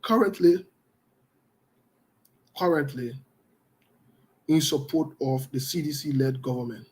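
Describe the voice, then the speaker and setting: A man as a radio host with a fairly high voice. He talks defiantly and passionately, driving his points home by repeating them, in the style of opinionated radio commentary. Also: takes it slowly, a little mellow, rough recording. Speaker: radio talk show host.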